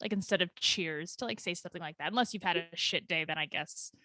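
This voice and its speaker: A woman with a bright, forceful voice chatting animatedly on a podcast and laughing easily. The sound is dry and close, with no room around her. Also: lowish voice, quick pace, no room sound. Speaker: podcast co-host. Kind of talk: casual chat.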